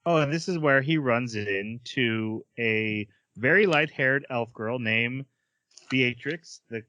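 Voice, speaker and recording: A man's voice: medium pitch, slow pace, sharp tone. A man hosting an anime podcast, recapping plot points and steering the talk. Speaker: podcast host. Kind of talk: casual chat recapping episodes.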